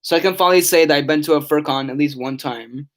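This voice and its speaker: A man's voice: on the high side, fast, fairly bright tone. A tired young man chatting on a casual live stream, reading chat aloud and rambling with many restarts and fillers. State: yawning, tired.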